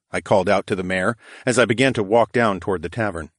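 Male narrator, low voice, steady fantasy read, dry close mic. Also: brisk, no room sound. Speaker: audiobook narrator. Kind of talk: first-person fantasy narration.

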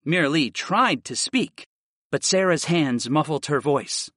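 A man narrating a fantasy audiobook in the first person, telling it in a steady, expressive way. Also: fairly high pitch, measured pace, no echo, clean studio sound.

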